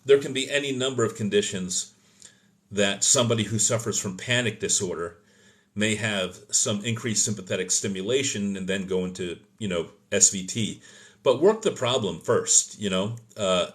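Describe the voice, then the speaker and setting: A man's voice: fairly low pitch, moderate pace. A man hosting a live stream, answering viewer questions in an opinionated teaching tone and often correcting himself mid-sentence. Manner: loose, self-correcting delivery with fillers. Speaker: host of an emergency medicine live stream.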